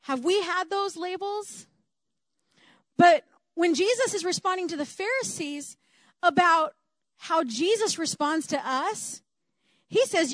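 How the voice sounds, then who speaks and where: Woman preacher, high voice, slow deliberate sermon delivery, earnest and emphatic, dry close sound. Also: animated, no room sound. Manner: earnest, emphatic, repeating key phrases.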